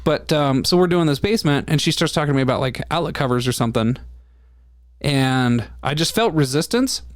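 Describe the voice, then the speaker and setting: A man's voice: fairly high pitch, expressive, a little fast, no room sound. Candid man telling a story, dry close mic. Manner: candid storytelling, swears freely. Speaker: podcast co-host. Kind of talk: casual chat.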